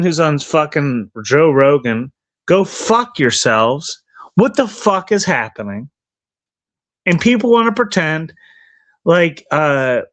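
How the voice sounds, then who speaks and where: A man's voice: high-pitched, a bit bright. A man livestreaming outdoors in the cold, ranting angrily and profanely at his chat and at himself.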